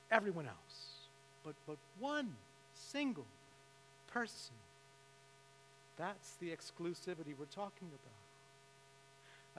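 Pitched fairly high and fairly bright, this middle-aged man is a pastor delivering a sermon, punctuating his story with emphatic vocal rises. The sound comes from a reverberant church sanctuary carrying a faint mains hum.

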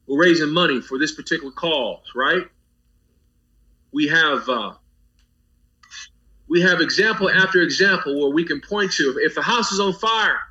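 This pastor speaks as a guest on a talk show, his voice a little high and sharp-toned. He preaches in rhythmic waves, stacking lists and rising repetitions into impassioned commentary, all captured on dull, lo-fi audio.

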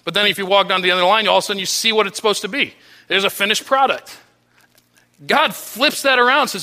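Pastor mid-sermon, man, high and very bright voice, earnest, with soft low drops on key lines. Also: fast talker. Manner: earnest preaching with restarts, voice dropping low and soft on key phrases.

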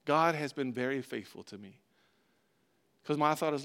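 A man's voice: medium pitch, animated, moderate pace, gravelly, long pauses, a bit bright. A man preaching as pastor in a conversational sermon, acting out God and Moses in short bits of dialogue.

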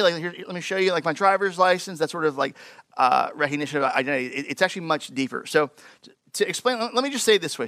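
Male pastor, casual animated sermon delivery, bright forceful voice, dry close sound. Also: fairly high pitch, dry recording. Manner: conversational, animated, lots of fillers.

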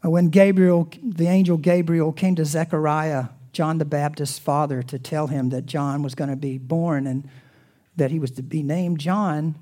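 Mellow-voiced pastor preaching expressively. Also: male voice, on the high side. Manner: expressive, swings between loud emphasis and hushed near-whispers; soft, reverent prayer. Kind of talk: sermon.

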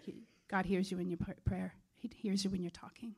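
A woman's voice: medium pitch, fairly even intonation, brisk, creaky, a little mellow, breathy edge. A woman preaching a sermon in an earnest, conversational way.

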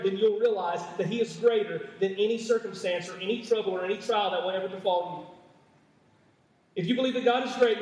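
A man's voice: high voice, a little mellow. A man preaching a sermon to his congregation, with emphatic repetition and frequent stammering restarts. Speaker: pastor. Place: church sanctuary. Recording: echoey church hall, mic far off.

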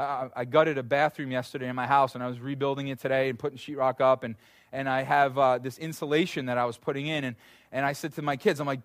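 A man in his thirties preaching a sermon in a lively, conversational way, full of asides and restarts. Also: medium pitch, dry recording, clean studio sound. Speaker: pastor.

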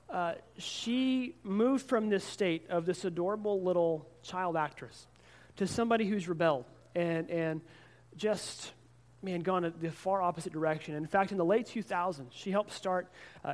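Pastor, male, high voice, earnest sermon storyteller who stumbles and repeats words.

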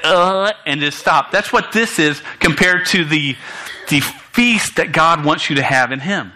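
A young man preaching a sermon to students in a church, animated and stumbling over words, with joking asides. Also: a little high, low-quality recording. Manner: animated, many restarts and stammers, jokey asides. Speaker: youth pastor.

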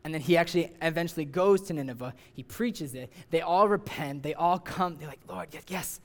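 A young man gives a relaxed, conversational sermon in a fairly high voice. He fills his talk with casual asides and slips into animated voices to act out the people in his story. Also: fairly quick. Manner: conversational, many "like" fillers, acts out voices with rising excitement. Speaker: youth preacher.

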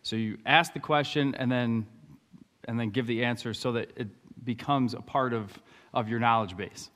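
A man's voice: mid-range voice, steady tone, normal speed, fairly bright tone. A man on stage in a church, talking in a casual, hesitant way with repeated words and jokes. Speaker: church co-leader, former teacher. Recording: long reverb of a church hall.

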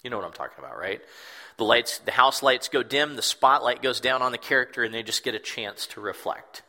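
A man's voice: medium pitch, animated, brisk, sharp tone. A man preaching a sermon in an earnest, reflective way, repeating words for emphasis. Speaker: pastor.

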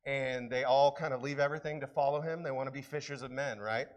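A man's voice: mid-range voice, steady tone, fast. A man preaching a sermon as pastor, conversational and earnest, rising to emphatic peaks.

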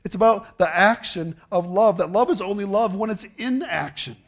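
A middle-aged man preaches to his congregation in a loose, conversational way. His voice sits a little high for a man, and he keeps asking the listeners questions and stumbling into repeated words. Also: moderate pace. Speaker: pastor. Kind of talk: sermon.

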